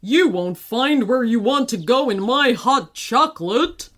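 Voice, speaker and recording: A booming storybook giant, voiced by a woman who talks slowly and loudly. Her voice sits a bit high and swoops widely through rhyming chants, with a gruff but friendly manner. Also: expressive. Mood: gruff chatty. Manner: booming, slow sing-song rhymes. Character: huge bearded male giant, booming and gruff. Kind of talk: storybook voice acting.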